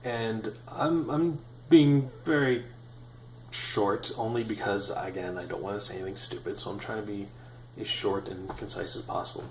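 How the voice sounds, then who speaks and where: A man in his thirties telling a personal story in a casual, animated, self-deprecating way with many fillers. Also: fairly low pitch, normal speed, reverberant, a little hiss or hum, rough recording. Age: 30s. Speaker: vlogger.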